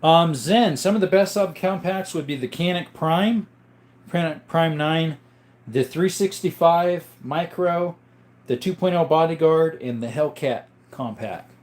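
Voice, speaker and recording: A man's voice: a little high, unhurried, a little mellow. Upbeat young man hosting a live chat. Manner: chatty, greets viewers by name, upbeat. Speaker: livestream host reading chat.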